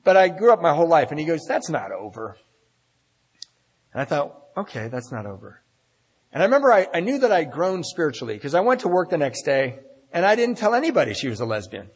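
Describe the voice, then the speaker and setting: Brief: man with a husky, slightly high voice, wry and candid live storyteller, long hall reverb. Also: very animated, quick pace. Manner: candid, self-deprecating, wry.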